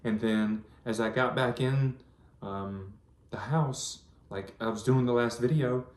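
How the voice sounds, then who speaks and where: A man's voice: mid-range voice, a little slow. A man, rambling earnestly through a personal vlog with lots of ums. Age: 30s. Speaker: vlogger. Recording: echoey room.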